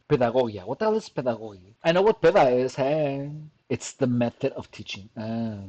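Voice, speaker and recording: A man's voice: mid-range voice, expressive, fairly quick, hardly any pauses, a little mellow. A man doing casual reaction commentary from his computer, reading an article aloud, laughing often and stumbling over long words. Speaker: commentary vlogger. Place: home desk at a computer.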